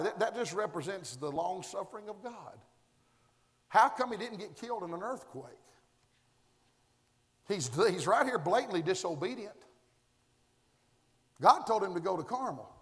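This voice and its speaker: High-pitched preacher man, shouty rhythmic sermon, big hall echo. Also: expressive, moderate pace, long pauses. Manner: fiery, rhythmic, repeating phrases, bursting into shouts. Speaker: pastor. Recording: long hall reverb.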